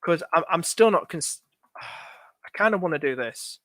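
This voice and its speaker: A man's voice: fairly high pitch, animated, measured pace, fairly bright tone, no room sound, studio quality. A young man on a live stream, thinking aloud in a chatty, anxious way and talking to his viewers. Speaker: fantasy football streamer.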